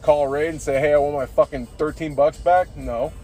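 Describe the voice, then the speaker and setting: A slightly high-voiced man rambles through a podcast monologue after a few beers, tipsy and loose. He swears freely and drops "dude" into almost every sentence. Faint music sits behind him. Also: steady tone, moderate pace, dark tone. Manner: profane, says "dude" constantly. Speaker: podcast host.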